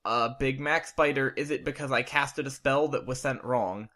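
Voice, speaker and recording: Storybook reading: a man doing a mopey pony mare stuck as a spider, slightly raised pitch, clear bright tone. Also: normal speed, close to an everyday voice. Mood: glum. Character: fussy female unicorn turned tiny spider.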